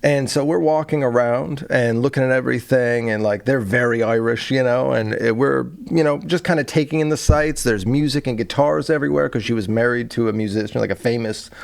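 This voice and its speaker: A man as a podcast guest, telling a story in a casual, animated way, swearing freely and acting out his own panic. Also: mid-range voice, brisk, vocal fry, hardly any pauses.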